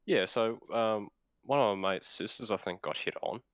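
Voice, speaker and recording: A young Australian man hosts a podcast, his voice sitting low and close in a dry, deadened room. He tells his stories bluntly and casually, swearing between every few words. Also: moderate pace, no echo, rough recording. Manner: blunt, swearing, laid-back storyteller. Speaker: podcast host. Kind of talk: casual storytelling.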